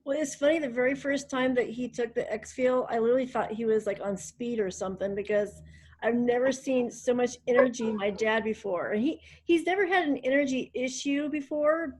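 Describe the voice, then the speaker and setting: A woman with a fairly high voice hosts a group call from a hotel room. She talks casually and chattily, filling her pauses with ums. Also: darkish tone. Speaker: host of a group wellness call. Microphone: online group call.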